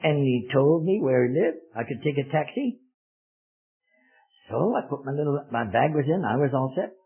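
A man telling a personal missionary travel story as a testimony, with an animated, swooping storyteller's delivery. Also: mid-range voice, normal speed, breathy edge. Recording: tinny, phone-like lo-fi recording.

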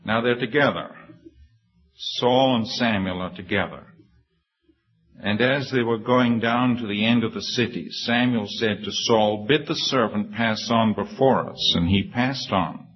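A man with a low, husky voice preaches earnestly and humbly, stumbling through restarts before rising to emphatic peaks. The sound is dull and lo-fi, like an old sermon tape. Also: unhurried, faint music behind. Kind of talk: sermon with personal story.

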